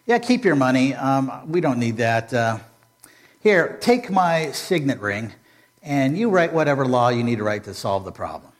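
A man's voice: mid-range voice, very animated, moderate pace, lightly acted. A man voicing a lazy, pleasure-seeking ancient king in a storytelling sermon, talking in an offhand, careless way.

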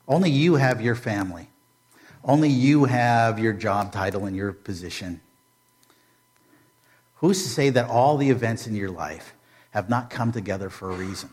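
A man's voice: fairly low pitch, moderate pace, pauses often, darkish tone. A man preaching a sermon in a conversational, humorous way, full of rhetorical questions. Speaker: pastor.

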